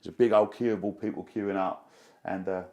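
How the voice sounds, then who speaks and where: A man spins a breathless personal story for an interviewer. His voice sits a little low, and he rambles along with slang and quick restarts, caught up in the telling. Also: gravelly, highs cut off. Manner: excitable, rambling, fond of slang. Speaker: interview guest. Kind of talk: animated anecdote telling.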